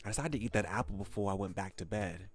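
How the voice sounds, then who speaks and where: A young high-school guy narrates his own misadventures, read aloud by a man. The voice sits a little low, the telling is lively and exclaims at the gross moments, and quiet game music plays underneath. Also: fast talker, breathy edge.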